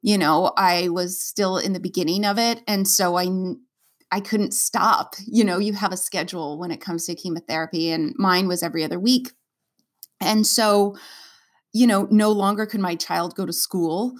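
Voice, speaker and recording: A woman's voice: on the low side, steady tone, moderate pace. A woman, a stage performer as interview guest, telling her own story in a candid, earnest and emotional way, with many fillers and restarts.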